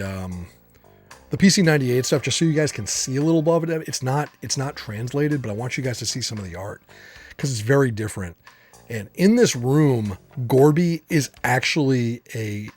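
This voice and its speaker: A man streaming a game, chatting casually and reading game text aloud in a relaxed, rambling way with frequent fillers. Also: mid-range voice.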